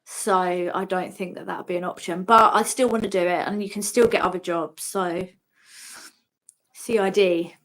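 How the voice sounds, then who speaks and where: A woman with a British accent chatting as a guest on a live stream, excitable and often laughing. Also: on the low side, normal speed, rough recording. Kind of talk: casual live-stream chat.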